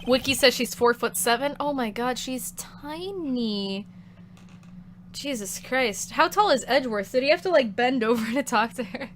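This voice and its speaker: Giggly high-voiced woman streamer. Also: fairly quick, few pauses, a little hiss or hum. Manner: giggly, excitable, swears casually. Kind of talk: casual game stream chat.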